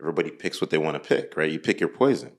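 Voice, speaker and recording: Guy with a real low voice hosting a podcast, super lively, jokes around a lot. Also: rapid-fire. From Canada. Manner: animated, jokey, laughs often, teasing. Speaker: podcast host. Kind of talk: casual interview chat. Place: London, Ontario.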